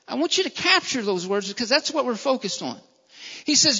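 A preacher delivering a sermon with emphatic, repetitive phrasing, slowing down to stress key words. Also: high-pitched, expressive, pushed and bright. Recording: long reverb, dull lo-fi sound.

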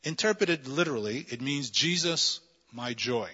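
A man's voice: mid-range voice, lively intonation, normal speed, sharp tone, breathy edge, big-room sound, muffled recording. A man preaching a sermon, asking the congregation rhetorical questions and building to fervent, emphatic peaks. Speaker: pastor.

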